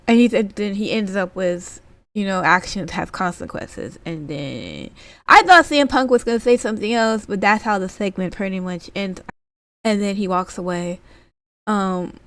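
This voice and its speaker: A woman's voice: medium pitch, fairly bright tone, no room sound. A woman giving a casual, rambling spoken recap of a wrestling segment, full of fillers like "basically" and "like". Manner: rambling, filler-heavy retelling.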